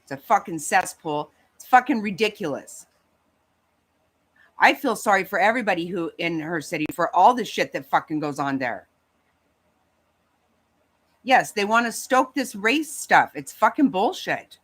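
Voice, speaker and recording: A woman's voice: fairly low pitch, expressive, moderate pace, pauses often, fairly bright tone, breathy edge. Heated, profane woman ranting. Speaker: livestream host. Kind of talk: angry casual rant to chat.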